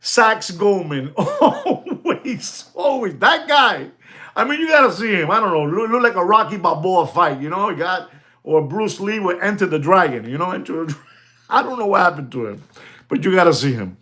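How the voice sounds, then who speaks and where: Rambling watch dealer, slightly higher man. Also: brisk. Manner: animated and rambling, addressing ladies and gentlemen; laughs often. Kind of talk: casual chat.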